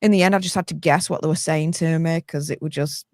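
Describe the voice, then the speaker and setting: A woman in her forties with a Yorkshire accent speaks plainly and bluntly as a podcast guest. Her voice sits on the low side, close and dry. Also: fairly even intonation, fast talker, darkish tone, no room sound. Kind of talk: casual chat.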